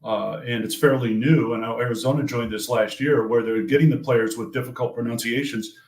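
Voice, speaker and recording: An older man, a sports play-by-play broadcaster, answering questions in a measured, thoughtful way, often restarting his phrases. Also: mid-range voice, steady tone. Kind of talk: casual interview answers. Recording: roomy echo.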